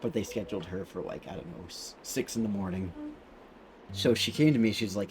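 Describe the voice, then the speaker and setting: Guy chatting while he plays a game, kinda low voice, rambly and loose. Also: a little fast, music in the background. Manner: rambling storytelling with fillers and restarts. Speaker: streamer playing a video game. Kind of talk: casual let's-play chat.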